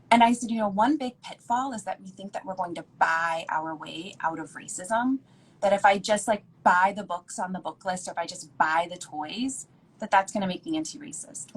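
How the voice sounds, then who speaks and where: Woman guest, earnest and emphatic, mid-pitched; faint room noise under the video call. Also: low-quality recording. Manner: earnest, emphatic, repeats for stress. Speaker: guest, antiracist educator. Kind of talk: casual conversational interview.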